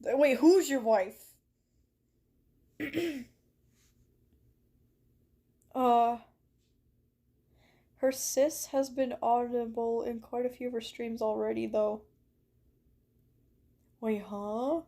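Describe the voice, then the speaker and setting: A woman's voice: a little high, steady tone, slow pace, long pauses, warm tone. A woman streaming a game from her bedroom, chatting with viewers in a playful, mock-dramatic way. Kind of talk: live-stream chat while gaming. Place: bedroom at home.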